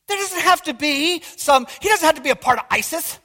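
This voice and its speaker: A high, bright-voiced male pastor preaches with fiery emphasis, pressing his congregation with question after question. His forceful voice rings through the long reverb of a church hall. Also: big pitch swings, fast, few pauses. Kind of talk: sermon.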